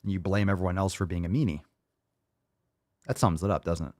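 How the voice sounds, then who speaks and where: A man's voice: low-pitched, fairly even intonation, brisk, a little mellow, no room sound, studio quality. Blunt, mocking man reacting to a clip. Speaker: podcast host. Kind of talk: reaction commentary.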